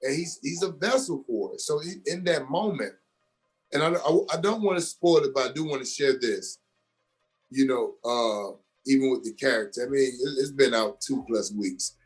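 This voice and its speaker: A young adult man from Georgia in the US, an actor and comedian guest telling his story with animated emphasis in a casual interview. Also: medium pitch, moderate pace, slightly rough, faint music behind.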